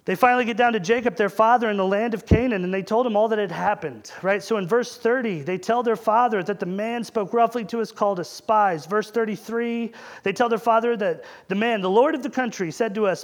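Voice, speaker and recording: High-voiced male preacher. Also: a little fast. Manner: conversational, asks rhetorical questions. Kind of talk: sermon.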